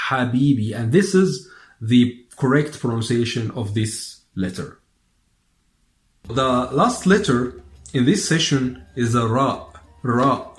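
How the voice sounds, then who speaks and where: A man with an Egyptian accent teaching a pronunciation lesson in a slow, unhurried way, saying each word again and again. His voice sits at an ordinary pitch, and the room around him is echoey. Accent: Egyptian Arabic. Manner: slow, repeats words many times for learners. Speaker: Arabic teacher.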